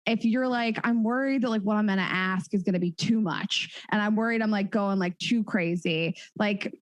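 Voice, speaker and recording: A woman's voice: medium pitch, normal speed, no echo. A woman co-hosting a podcast, frankly asking a guest questions in a chatty way. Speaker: podcast co-host. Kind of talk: casual podcast chat.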